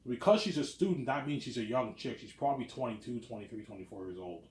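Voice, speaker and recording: Man, 30s, casual rambling vlogger, mid pitch, filler-heavy, echoey room. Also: lively intonation, quick pace, a little mellow, slight background noise. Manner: repeats "obviously" and "man", chatty and self-assured. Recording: roomy echo.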